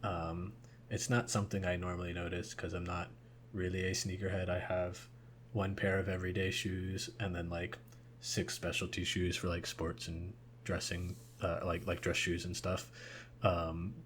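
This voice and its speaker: Young guy podcast cohost, kinda low voice, lots of ums, rambly. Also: flat delivery, moderate pace, fairly bright tone, slight background noise. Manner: rambling, hesitant, many ums and likes. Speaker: podcast co-host. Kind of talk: casual chat.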